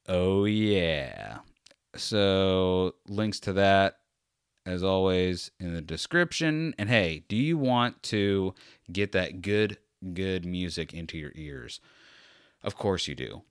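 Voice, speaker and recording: A man's voice: low-pitched, expressive, takes it slowly, clear, resonant tone, no echo, studio quality. Tired, rambling male podcast host. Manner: self-deprecating, sarcastic, meandering. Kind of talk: rambling solo podcast talk.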